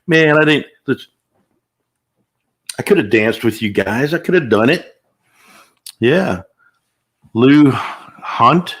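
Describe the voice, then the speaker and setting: A man's voice: mid-range voice, animated, takes it slowly, pauses often, fairly bright tone, husky. An older man hosting a casual live stream, greeting viewers by name in an upbeat way with the odd whoop. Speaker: livestream host.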